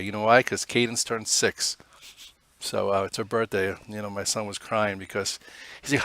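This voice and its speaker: A man's voice: lowish voice, level tone, moderate pace, fairly bright tone. A middle-aged man giving a casual daily market recap, chatty and rambling in a conversational way. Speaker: market commentator and trader.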